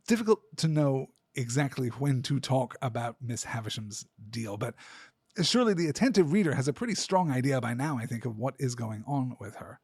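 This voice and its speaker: A man hosting a podcast, talking through a classic novel in a measured, analytical way. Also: medium pitch, lively intonation, darkish tone, breathy edge, no echo, clean studio sound. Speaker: podcast host. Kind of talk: literary discussion.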